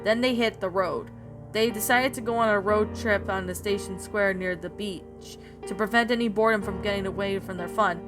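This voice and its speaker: A woman narrating a story in a plain, steady reading voice with small slips. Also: medium pitch, normal speed. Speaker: story reader. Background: background music.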